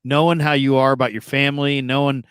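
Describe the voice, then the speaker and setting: A man in his fifties, a sports radio host, chatting casually and telling stories, acting out other people's voices with big jumps in pitch. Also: level tone, fast talker, fairly bright tone, clean tone, no room sound. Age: 50s. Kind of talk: casual sports talk chat.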